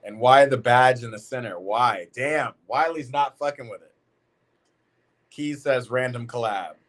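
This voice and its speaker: A man's voice: medium pitch, measured pace, fairly bright tone. A man hosting a live football watch party, chatting casually in slang and reading out comments from chat.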